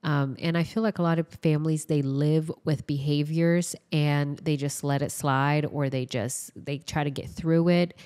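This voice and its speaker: A woman with a notably low voice talks as a podcast guest and dog trainer. She tells stories loosely and chattily, piling on asides as she goes. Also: fairly even intonation, normal speed, hardly any pauses, darkish tone. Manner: chatty storyteller, loose and rambling. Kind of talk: casual podcast conversation.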